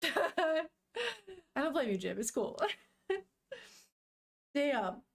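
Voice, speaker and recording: A woman's voice: high-pitched, big pitch swings, very slow. A young woman on a casual live stream, reading a manga aloud, chatting with viewers, swearing freely and laughing often.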